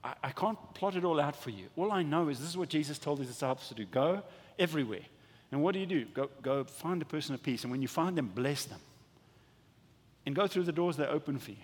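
A male pastor preaches with lively energy, slipping into voices for small imagined exchanges and tripping over his own restarts. His voice sits fairly high for a man and comes across a little husky. The sound carries a long reverb from a big church hall. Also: fast. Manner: animated, acts out little dialogues with stammering restarts. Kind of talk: sermon.

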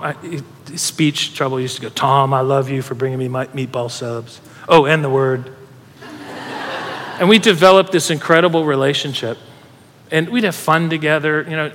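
A man preaching a sermon, telling a personal story in an animated way, laughing and getting emotional as he goes. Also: fairly high pitch. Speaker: pastor. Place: church hall with audience. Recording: reverberant hall.

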